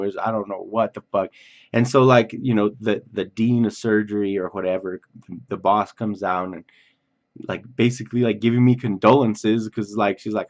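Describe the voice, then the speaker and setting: A man casually telling a personal story for his vlog, animated and swearing freely, acting out what others said. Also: fairly low pitch, normal speed, dull audio.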